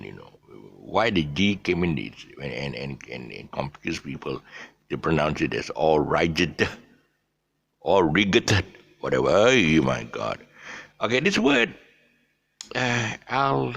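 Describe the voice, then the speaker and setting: Deep gravelly Malaysian-accented male teacher. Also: fairly bright tone. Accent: Malaysian English. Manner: chatty, repeats words, chuckles between examples. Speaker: English pronunciation teacher. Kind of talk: casual spoken lesson.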